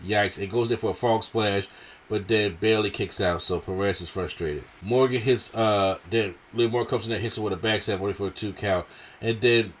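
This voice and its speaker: A man's voice: lowish voice, fairly even intonation, normal speed. A man reviewing a wrestling show in casual slangy talk, with a strained throat, acting out what the wrestlers said.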